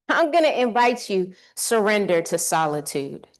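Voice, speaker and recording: A woman giving an energetic motivational keynote on a conference stage, leading the audience in call-and-response. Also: mid-range voice, unhurried. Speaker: keynote speaker.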